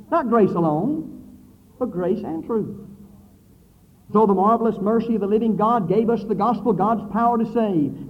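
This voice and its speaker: A man preaching a sermon with dramatic swings between loud declaiming and low, hushed passages. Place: church building with brick wall. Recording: phone-like thin sound in a reverberant hall.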